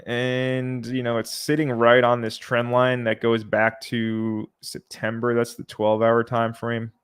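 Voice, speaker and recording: A man hosting a livestream, reading out viewer comments and answering them in a relaxed, chatty way. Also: mid-range voice, a little slow, clear, resonant tone. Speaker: livestream host.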